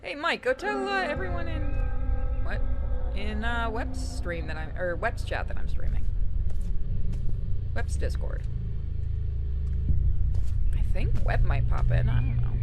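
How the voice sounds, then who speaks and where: A woman's voice: fairly high pitch, lively intonation, a little slow, pauses often, loud music behind the voice. A woman streaming a game, chatting casually and rambling in a self-deprecating way, with lots of fillers. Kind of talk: casual live-stream chat and gameplay commentary.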